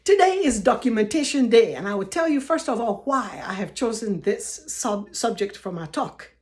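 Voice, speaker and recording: Older Liberian woman, laughing storyteller. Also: on the high side. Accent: Liberian English. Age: 60s. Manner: laughs often, warm and expressive. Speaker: vlogger. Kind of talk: casual storytelling to camera. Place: home office.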